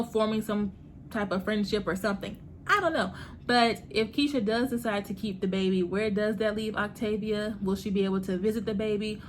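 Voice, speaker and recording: A woman in a casual TV recap vlog, talking fast and loose with plenty of slang and frequent laughter. Her voice sits at an ordinary middle pitch. Faint background noise hums behind her. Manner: chatty and animated, slangy, laughs often. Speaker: host reviewing a TV series.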